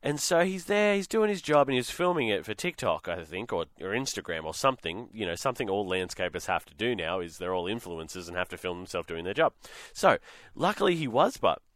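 A man with an Australian accent hosting a radio show in a chatty, animated way. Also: lowish voice, fairly quick, no room sound, clean studio sound. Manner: chatty, animated, acts out quotes. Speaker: radio host. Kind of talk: casual radio chat. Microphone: studio microphone.

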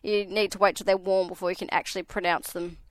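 A woman's voice: lowish voice, flat delivery, fast, no room sound. A woman co-hosting a radio show, chatty and curious, laughing easily as she presents quirky news. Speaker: radio co-host. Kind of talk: casual chat.

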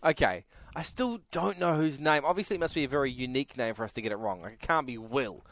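A man's voice: medium pitch, fast, fairly bright tone, no room sound, clean studio sound. A man hosting a casual radio show, joking and laughing as he chats with his co-host.

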